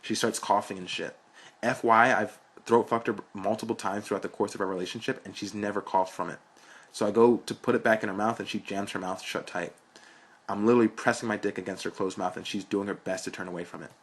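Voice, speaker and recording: Young guy reading his story out loud, kinda low and husky, blunt and crude. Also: fairly even intonation, fast. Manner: frank, blunt, profane storytelling. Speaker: narrator.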